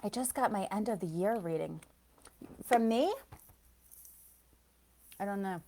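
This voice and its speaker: A woman's voice: mid-range voice, unhurried, a little mellow. A woman psychic reader chatting loosely on a live stream, rambling from thought to thought, laughing often and answering viewers by name. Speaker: psychic reader and soul coach. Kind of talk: casual live-stream chat.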